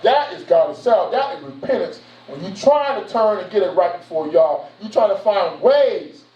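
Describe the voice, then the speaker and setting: A man preaching a sermon, animated and conversational with street slang. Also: high-pitched, normal speed, few pauses. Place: church sanctuary. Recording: echoey room from far off, muffled.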